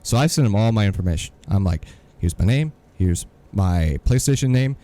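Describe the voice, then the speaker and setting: A man's voice: fairly low pitch, animated, moderate pace, dark tone. A man co-hosting a podcast, telling a story in an exasperated, sarcastic rant. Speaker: podcast co-host. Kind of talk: casual ranting podcast chat.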